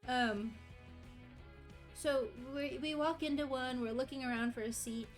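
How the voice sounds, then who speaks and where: A woman's voice: high voice, unhurried, soft background music. A young American woman streaming, rambling through a travel story in casual chat, self-mocking and acting out quotes. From United States.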